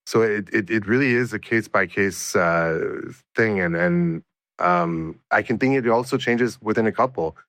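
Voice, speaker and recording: A male researcher answers interview questions in a measured, explanatory way, often restarting his sentences. His voice sits low and the recording is dry and close, with no room around it. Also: a bit bright, no room sound. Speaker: researcher guest.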